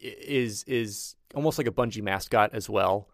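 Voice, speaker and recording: A man co-hosting a casual podcast, chatty and quick to add his own commentary. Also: on the low side, dry recording, studio quality. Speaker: podcast co-host. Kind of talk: casual chat.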